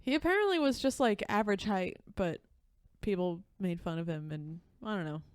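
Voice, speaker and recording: A woman co-hosting a comedy podcast live in a theater, giggling as she reads out trivia. Her voice is smooth and resonant, sitting at a middle pitch, and it comes across dry, with little room sound on it. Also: animated, normal speed, no echo. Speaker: podcast co-host. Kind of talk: casual comedic chat. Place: upstairs theater stage.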